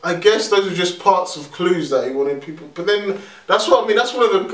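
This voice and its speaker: A young man chatting casually and excitedly about a film, repeating himself and laughing often. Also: sits high, a little fast. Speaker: host. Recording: echoey room, mic at a distance.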